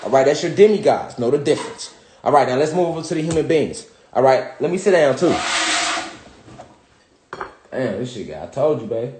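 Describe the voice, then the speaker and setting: A man's voice: medium pitch, expressive, a little fast, pauses often, noisy background. A man teaching a casual, rambling lesson from home, profane and full of repeated "you know what I'm saying.". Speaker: spiritual teacher. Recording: roomy echo.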